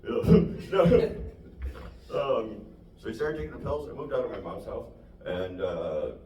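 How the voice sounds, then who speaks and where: A man's voice: medium pitch, unhurried, a little mellow. A young man doing a stand-up set to a small audience, rambling and self-deprecating. He laughs often at his own lines. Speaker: stand-up comedian. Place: small live venue. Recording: echoey room, distant mic, noisy.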